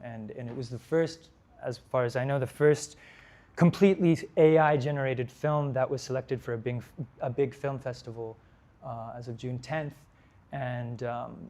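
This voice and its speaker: A man's voice: mid-range voice, a little mellow. A young man giving a conference talk, hesitant, with frequent fillers and restarts. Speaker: lecture speaker. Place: lecture hall.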